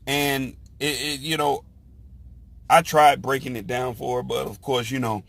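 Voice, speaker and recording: A man talks his views through in an unhurried, casual monologue. His voice is gravelly with a middling pitch, and he pauses often, restarts his sentences and keeps coming back to filler phrases. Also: steady tone, fairly bright tone, dry recording. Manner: slow, halting, with many "you know" fillers and restarts. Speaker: speaker sharing opinions.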